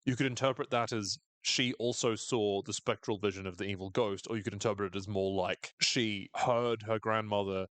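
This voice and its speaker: A man co-hosting a casual podcast recap, animated and jokey, acting out lines in quick silly voices. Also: on the low side, dry recording. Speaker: podcast co-host.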